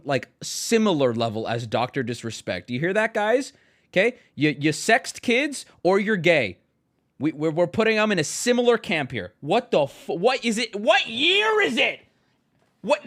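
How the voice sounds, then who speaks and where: A male streamer giving casual, profane live commentary, swinging into loud exasperated rants. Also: a little high. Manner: animated, swearing, rising to loud exasperated rants.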